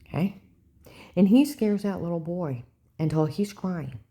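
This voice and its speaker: A woman's voice: fairly low pitch, unhurried, mellow. An older woman in a rambling, agitated personal monologue, repeating herself and often asking "okay?". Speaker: vlogger.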